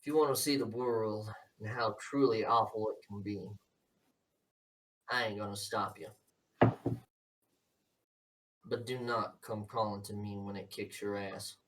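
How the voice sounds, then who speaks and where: A man's voice: on the low side, steady tone, normal speed, a bit bright, close to an everyday voice. A man voicing a stern, scheming older politician who coldly lectures and threatens his son, recorded somewhat far from the mic. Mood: dismissive. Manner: cold, menacing, lecturing.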